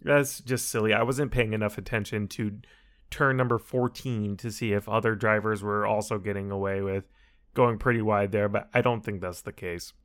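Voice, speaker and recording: A man with a somewhat low voice talks through a motor race in casual chat. He rambles and stumbles, restarting his sentences and correcting himself as he goes. He is relaxed and unscripted, speaking directly to his viewers. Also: normal speed. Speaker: solo racing commentator.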